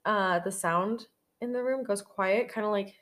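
A woman's voice: medium pitch, a little slow, a bit bright. A young woman co-hosting a podcast, recapping a horror film in casual chat, giggly and rambling with some swearing. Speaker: podcast co-host.

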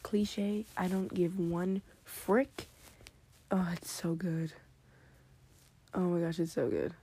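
A woman's voice: fairly low pitch, steady tone, takes it slowly, warm tone, husky. Whispery, rambling late-night teen girl. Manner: scattered, drifts into whispered asides; breathless exclamations and giggles. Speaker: vlogger.

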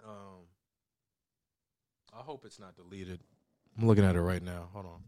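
A man's voice: low-pitched, fairly even intonation, normal speed, dark tone. A young man casually reviewing a short film in a rambling way, with restarts, swearing and laughs. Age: young adult. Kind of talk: casual chat.

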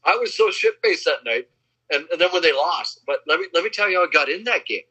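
A man in casual chat, telling boastful anecdotes and acting out the quotes in a husky voice. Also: on the high side, animated, quick pace, pushed and bright. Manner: boastful name-dropping anecdotes, acts out quotes. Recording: slightly dull lo-fi sound.

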